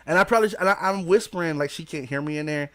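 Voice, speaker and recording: A man's voice: a little high, racing, sharp tone. A man hosting a podcast interview in casual chat, often restarting sentences and repeating "you know what I'm saying". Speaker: podcast host.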